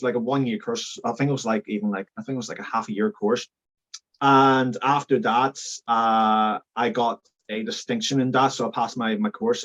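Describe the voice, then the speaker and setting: A young man with a Northern Irish accent talks casually as an interview guest, full of "um"s, "like"s and restarts. His voice sits at a middle pitch, and the recording is a little dull and lo-fi. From Northern Ireland. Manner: chatty, many fillers and restarts. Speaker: filmmaker guest.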